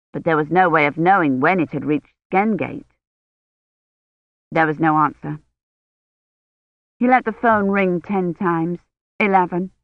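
Steady, dry audiobook narrator. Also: medium pitch, no room sound. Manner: steady, measured reading. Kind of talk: scripted narration. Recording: slightly muffled dry studio read.

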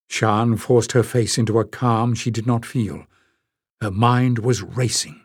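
A man giving a steady scripted reading of a fantasy novel as audiobook narrator. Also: mid-range voice, measured pace, slightly rough, no room sound, studio quality.

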